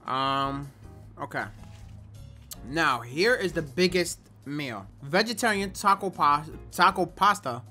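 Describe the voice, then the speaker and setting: A young food-tasting vlogger reviews food at home, recorded on a camera or phone, with a high, animated, pushed and bright voice at a slow pace. He's casual and slangy with big exaggerated reactions, and soft music plays in the background.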